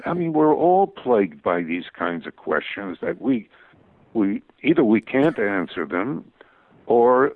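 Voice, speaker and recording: Older male interview guest, halting and anecdotal, dry low-fi audio. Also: very animated, dry recording. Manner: halting, full of restarts and fillers. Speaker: guest cartoonist. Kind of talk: interview storytelling. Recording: tinny phone-like radio audio.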